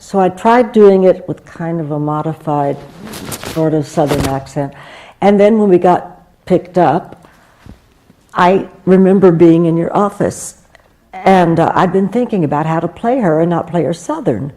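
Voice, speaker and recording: An actress on a festival panel, telling a story and quoting others in dialogue. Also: female voice, lowish voice, normal speed, mellow. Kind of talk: anecdotal panel talk. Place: theater stage before a live audience.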